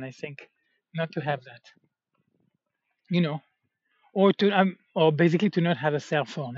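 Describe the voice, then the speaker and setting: A man's voice: on the high side, no room sound. Rambling man with a dull, dry sound. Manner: meandering, with many fillers and self-corrections. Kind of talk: rambling casual monologue.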